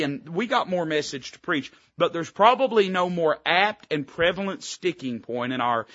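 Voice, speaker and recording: A man's voice: fairly high pitch, bright, forceful tone, dry recording, dull audio. A man preaching a sermon as pastor, folksy and emphatic, throwing out rhetorical questions to the congregation. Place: church sanctuary.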